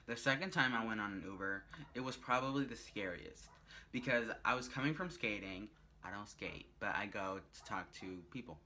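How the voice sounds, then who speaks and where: Bright-voiced young man telling stories. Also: lowish voice, moderate pace, a little hiss or hum. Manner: chatty, rambling, animated retelling. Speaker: vlogger. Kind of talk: casual storytelling vlog.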